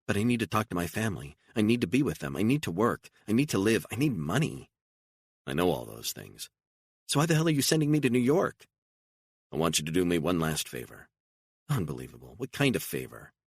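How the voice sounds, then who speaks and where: A man's voice: low voice, very animated, fairly quick, breathy edge, dry recording, clean studio sound, pitched above the performer's own voice, heavily acted. A man voicing a frightened, emotional woman on the run, pleading and incredulous and raising her voice often, in an audiobook. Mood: distraught.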